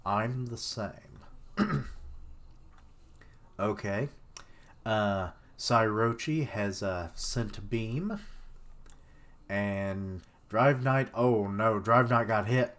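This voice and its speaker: A man's voice: on the low side, very slow, pauses often, fairly bright tone. A man live-streaming his reaction to a manga chapter, reading lines aloud and joking, swearing and laughing at his own jokes.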